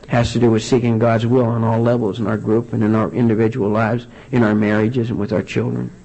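A man gives a heartfelt testimony at a recovery meeting, his voice gravelly with a husky edge. He talks earnestly and often trips over his words and starts again. The recording sounds dull and lo-fi. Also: on the low side, flat delivery, mellow. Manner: earnest, halting, frequent restarts. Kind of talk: personal testimony talk.

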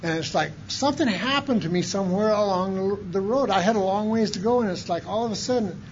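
A fairly high-pitched man tells his recovery story in a folksy, plain-spoken way, rising to loud outbursts and then dropping to a hush. The recording is dull and lo-fi, with a faint hiss behind him. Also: fairly quick. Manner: folksy, colloquial storytelling, swinging from loud to hushed. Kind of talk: personal recovery testimony.

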